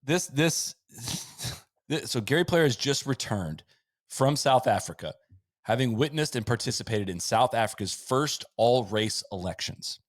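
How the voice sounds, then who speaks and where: A man hosting a podcast in casual chat, rattling off lists of stats with quick asides. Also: mid-range voice, lively intonation, dry recording, clean studio sound. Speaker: podcast host. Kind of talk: casual chat recapping a sports season.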